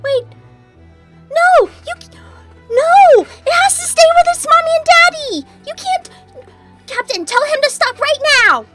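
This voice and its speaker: A woman's voice: extremely high pitch, very animated, normal speed, sharp tone, soft background music, exaggerated voice. A woman voicing a spoiled young princess in a tabletop game, whiny and sobbing with childish pleas. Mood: commanding. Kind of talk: tabletop role-play.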